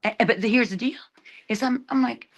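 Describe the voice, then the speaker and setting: A woman's voice: fairly high pitch, brisk. A woman hosting a podcast, venting in an irritated, casual way. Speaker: podcast host. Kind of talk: casual chat.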